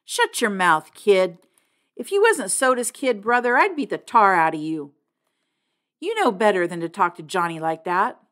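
A tough but good-natured teenage boy, read by a woman. He speaks loud and forceful in a lowish voice. An audiobook reading. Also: sing-song, unhurried, exaggerated voice. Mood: fierce.

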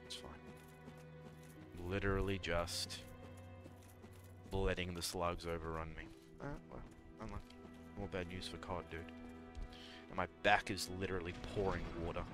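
A young man with a deep, low-pitched voice gives live gameplay commentary. He mutters, scolds himself and talks to chat. Music plays clearly under his voice. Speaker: streamer.

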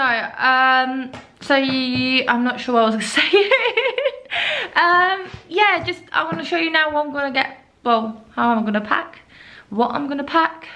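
A woman with a slightly high voice talks casually to a camera set up in her bedroom. She is chatty and rambling, drifting off topic and now and then addressing her dogs. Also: bright, forceful tone. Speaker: vlogger. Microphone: camera set up in the room.

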